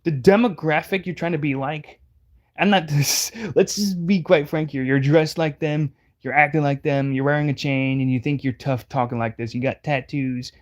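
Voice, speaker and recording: A man's voice: fairly high pitch, fairly even intonation, moderate pace. A man giving casual reaction commentary, rambling and heated, stumbling over restarts. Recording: dull lo-fi audio.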